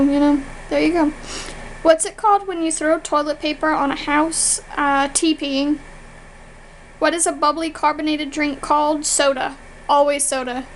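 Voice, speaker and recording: A woman's voice: high voice, slight background noise, poor audio. A young American woman from Virginia, chatting casually through an accent challenge video, rambling a little and correcting herself as she goes. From Virginia, USA. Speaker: vlogger.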